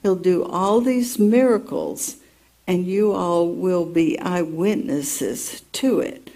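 Reading scripture aloud, this woman teaches slowly and sincerely, surrounding the passage with her own life story and personal asides. She has a lowish, mellow voice.

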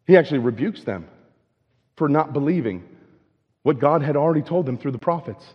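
A man's voice: fairly high pitch, expressive, brisk, long pauses, breathy edge. A man preaching a sermon in a conversational way. He keeps checking in with "right?", and he repeats and restarts words as he goes. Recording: dull lo-fi with long hall reverb.

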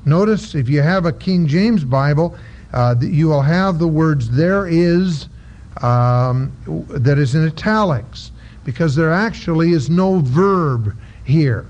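A man preaching a Bible-study sermon, halting with many filler sounds and reading scripture aloud between explanations. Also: fairly high pitch, lively intonation, a little mellow. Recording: dull lo-fi recording with faint noise.

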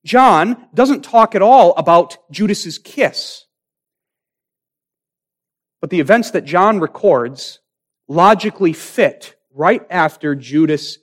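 A man preaching a sermon, reading scripture slowly and dramatically, swelling on key words and dropping to a hush. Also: fairly high pitch. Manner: slow, dramatic delivery with emphatic swells and hushed drops.

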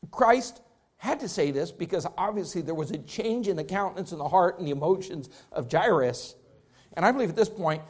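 A man preaching a sermon as pastor, repeating phrases and building intensity as he speaks to his congregation. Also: high-pitched.

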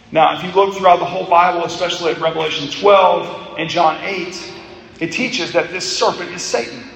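A pastor delivers an expository sermon with a fairly high, gravelly voice, asking his listeners rhetorical questions. He is picked up from some distance in a church hall with a long, roomy echo. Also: a bit bright, slight background noise. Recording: echoey hall, distant mic.

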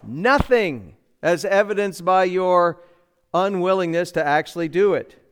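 A man's voice: high voice, expressive, measured pace, clean tone. A middle-aged man preaching a sermon in a church, emphatic, asking the congregation rhetorical questions. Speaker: pastor. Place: church sanctuary.

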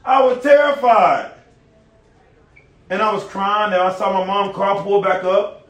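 Male preacher with a high, animated voice, caught from across an echoey room. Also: normal speed, distant mic, highs cut off. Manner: animated, folksy, talks directly to the audience. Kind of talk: sermon. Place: nursing home room. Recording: echoey room, recorded from afar.

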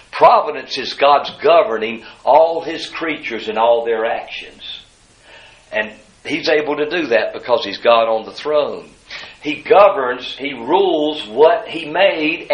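A man preaching a sermon, moving between hushed asides and loud, high-pitched emphasis. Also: roomy sound, rough recording. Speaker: pastor.

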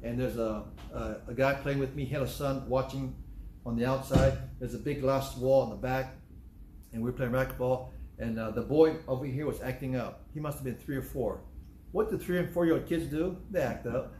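A man's voice: mid-range voice, normal speed, darkish tone, slight background noise. A male pastor preaching a sermon, repeating phrases for emphasis and acting out quoted voices. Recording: echoey room, faint ambience.

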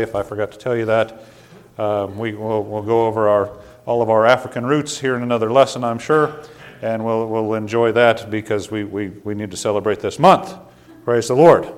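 A pastor preaching a sermon in a folksy, conversational way, often repeating words and adding side remarks. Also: male voice, mid-range voice.

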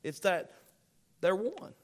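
High-voiced preaching pastor. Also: male voice, big pitch swings, takes it slowly. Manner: preaching with swelling emphasis and repetition; quotes scripture in King James wording. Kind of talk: sermon.

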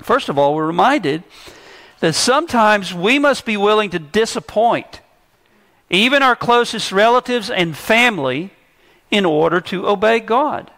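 A man's voice: high voice, expressive, a little slow, a bit bright. A man preaching an expository sermon to a church congregation, stressing key words with emphasis. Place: church service.

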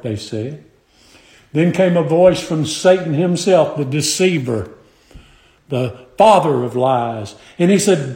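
A man preaching a sermon, emphatic and measured, drawing out scripture lines in old wording. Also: fairly high pitch, animated, mellow. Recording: echoey room.

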